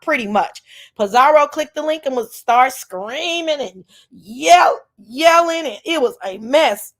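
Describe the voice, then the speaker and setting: A woman hosting a casual chat show, loud and profane, acting out the people she quotes. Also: high-pitched, measured pace. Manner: loud, profane and animated, acts out quoted voices. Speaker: host.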